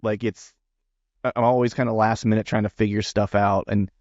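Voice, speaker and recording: A chatty male podcast host with a lowish voice who rambles and restarts his sentences. The sound is dry and a bit dull, like remote call audio. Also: flat delivery, fairly quick, darkish tone, no room sound. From Pennsylvania. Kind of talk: casual interview chat.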